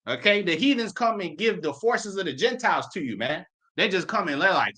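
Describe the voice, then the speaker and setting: A man's voice: fairly high pitch, expressive, normal speed, pushed and bright. A man, preaching in a slangy, emphatic way and reading scripture aloud with his own commentary. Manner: slangy and emphatic, mixing profanity with King James reading. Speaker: street preacher.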